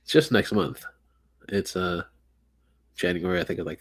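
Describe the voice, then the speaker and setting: A man hosting a podcast in casual chat, excitable and profane, rambling with frequent restarts. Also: low voice, brisk, vocal fry, long pauses, breathy edge. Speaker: podcast host.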